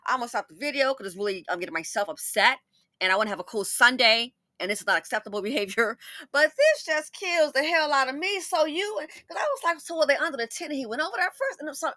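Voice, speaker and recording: Fired-up woman ranting about a case, high bright voice, swears a lot, dry close sound. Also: lively intonation, quick pace, no room sound. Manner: indignant, blunt, swears, talks back at the people in the clips. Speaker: commentator. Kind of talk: heated commentary on a news clip.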